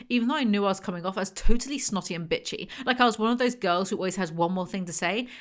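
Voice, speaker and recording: A woman's voice: mid-range voice, fairly bright tone. A young woman, reading a novel aloud and breaking off for sarcastic, mocking commentary. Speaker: book reviewer.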